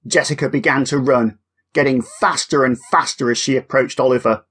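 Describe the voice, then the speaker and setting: A man narrating a children's audiobook in a lively, expressive way. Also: mid-range voice, normal speed, breathy edge.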